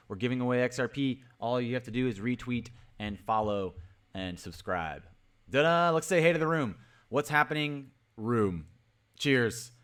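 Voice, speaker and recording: A man's voice: medium pitch, clean tone. A man hosting a casual livestream, cheerfully repeating greetings and calling out viewers by name. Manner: upbeat, repetitive greetings, shouting out viewers. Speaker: crypto livestream host.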